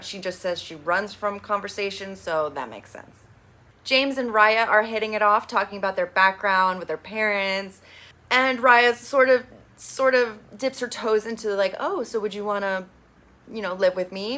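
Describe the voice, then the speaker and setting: A woman's voice: medium pitch, bright, forceful tone. A woman casually recapping a reality show, chatty and opinionated, with casual swearing.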